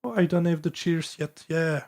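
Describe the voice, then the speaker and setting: A man's voice: on the high side, moderate pace, a little mellow, slight background noise. A man with a French accent talking casually on a live stream as he produces music, thinking aloud with many fillers and restarts.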